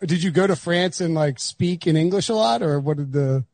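This North Carolina sports podcast host has a slightly high, a little mellow voice with lively intonation at normal speed, recorded with no room sound. His casual talk is chatty, rambling, and self-deprecating, full of restarts.

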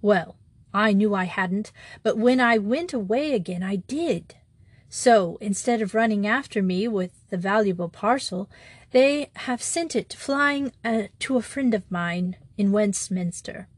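A woman voicing a meek, apologetic little male country priest who speaks simply and gently. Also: mid-range voice, a little slow, breathy edge, no room sound.

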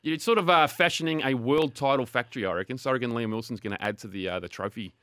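Australian man, podcast co-host, brash hype, very fast, dry close sound. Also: medium pitch, fairly bright tone, no room sound. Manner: brash and hyped, plenty of slang. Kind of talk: casual sports chat.

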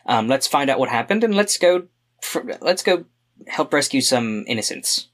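A man's voice: medium pitch, sing-song, normal speed, a bit bright. A man playing a tabletop game, casual and joking, often hesitating mid-sentence. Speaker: player.

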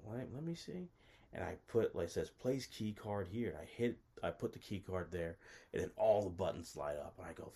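A man with a deep, low, darkish, husky voice casually tells a personal story. He circles back, interrupts himself, stumbles through restarts, and says "like" constantly, sounding self-conscious throughout.

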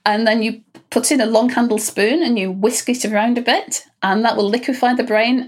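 A woman expert talks through her subject in a relaxed, conversational way, often stopping to restart a thought. Light laughs break up her explanations. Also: a little high, moderate pace. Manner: chatty, restarts often, laughs between points. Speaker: Egyptologist answering listener questions.

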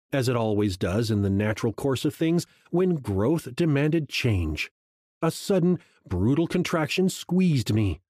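Guy reading an audiobook, hushed and measured, pitch rises and falls a lot, dry close sound. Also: dry recording. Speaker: audiobook narrator. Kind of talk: first-person scripted narration.

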